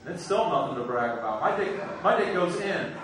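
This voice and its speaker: A man's voice: on the high side, sing-song, normal speed, heavy background noise. A man doing stand-up comedy in a club, brashly teasing the crowd with crude jokes, heard from far off in an echoey room.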